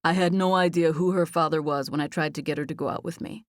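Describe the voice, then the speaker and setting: A woman's voice: low voice, fairly even intonation, fast, no room sound, lightly acted. Woman reading a flirty charming tv chef guy, teasing, voice dropped a bit, dry sound. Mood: earnest. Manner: playful, teasing.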